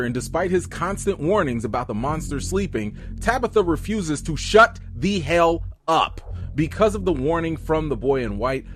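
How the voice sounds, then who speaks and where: An animated man hosts a casual TV recap, breaking into excitable, joking asides. His pitch swings widely and sits a little high. The sound is dry and close. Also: no room sound. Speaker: show recap host.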